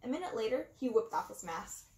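A woman reading a children's book aloud, with expressive, dramatic pauses. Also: on the high side. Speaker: reader. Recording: roomy echo.

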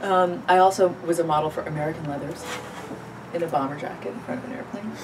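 A woman's voice: sits low, quick pace, noisy background. A woman guest in a casual interview, playful and sarcastic, laughing easily as she talks about her acting work. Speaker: actor and director, guest. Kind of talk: casual interview chat over drinks. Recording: distant mic with clear background music.

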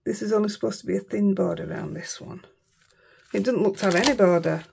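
Here a card-making vlogger from Yorkshire talks fast in a gravelly, slightly mellow mid-range voice with a breathy edge. She's chatty and self-deprecating, frequently muttering under her breath as she crafts.

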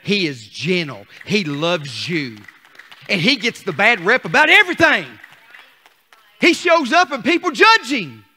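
A man's voice: high-pitched, sing-song, a little slow. Fervent older preacher man. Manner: fervent, calls on the congregation, rising to shouts. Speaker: pastor. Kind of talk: sermon.

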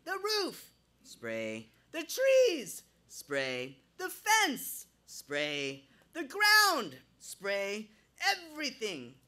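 A man voicing a frantic Jamaican neighbor who shouts booming, preachy commands while fighting a fire. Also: slightly rough, heavily acted.

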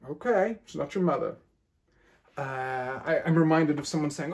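A man's voice: fairly high pitch, lively intonation, moderate pace, darkish tone, husky. A man lecturing in an academic style, playfully acting out quoted phrasings with questioning tones.

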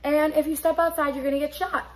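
A woman, telling a story on her vlog in an animated, profane, streetwise way. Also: sits high, fast, rough recording. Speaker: beauty vlogger.

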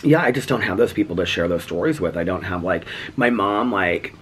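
A middle-aged man from the United States vlogging about personal loss, speaking haltingly with many fillers and close to tears. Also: low-pitched, animated, a bit bright, a little hiss or hum. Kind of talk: emotional personal vlog talk.

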